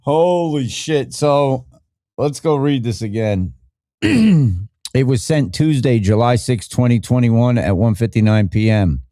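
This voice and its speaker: Dude hosting a podcast, cussing and laughing at clips, voice jumping all over, dry close sound. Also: male voice, medium pitch, lively intonation, slow, no echo. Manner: profane, laughing, swings loud to mumbled. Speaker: podcast host. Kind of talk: reacting to clips, casual chat.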